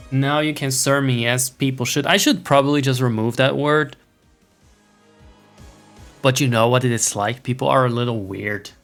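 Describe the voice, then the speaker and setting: A man at medium pitch talks through a game stream, casual and rambling, with a wry, mock-lordly streak and plenty of swearing. Faint game music plays quietly behind him. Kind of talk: casual gameplay chat with viewers.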